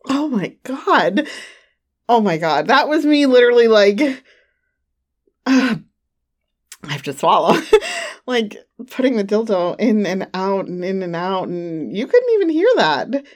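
An adult audio creator gives her listeners a casual monthly update on a studio microphone at home, sounding slightly runny-nosed. Chatty and giggly, she trails off with fillers, speaking at a moderate pace in a mid-range, very animated voice.

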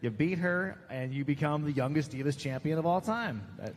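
A man hosting a casual interview podcast, asking questions in a relaxed, jokey way and laughing along with his guest. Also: fairly high pitch, normal speed, long reverb tail.

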